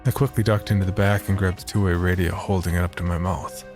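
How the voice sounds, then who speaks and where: A man narrating a first-person horror story in a measured, steady voice. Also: low voice, soft background music.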